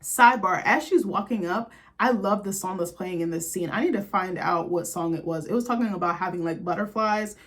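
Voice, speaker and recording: A young woman hosting a casual reality TV recap, sassy and profane, with quick asides to her viewers. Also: on the low side. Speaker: recap host.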